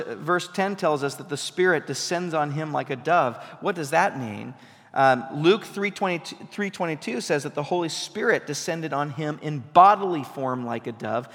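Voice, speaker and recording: A man's voice: sits high, fairly bright tone. Preaching man in a reverberant hall. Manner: conversational preaching, rising to emphatic bursts. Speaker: pastor. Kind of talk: sermon.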